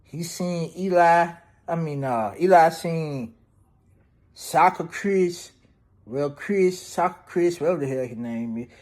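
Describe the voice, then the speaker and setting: A man's voice: on the high side, takes it slowly, darkish tone. Slangy man recapping a movie. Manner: slangy, profane, loose storytelling full of "damn, bro". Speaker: movie reviewer. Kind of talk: casual movie plot recap.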